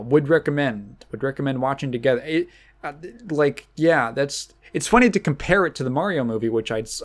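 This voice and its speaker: A man hosting a casual solo podcast, rambling along with many fillers and restarts. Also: medium pitch. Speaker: podcast host.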